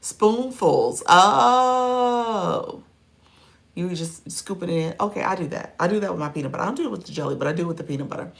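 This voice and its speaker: The livestream host, a middle-aged woman and coach, talks very fast with hardly any pauses in a lowish, gravelly voice. She's casually reacting to viewer comments, joking around and laughing frequently.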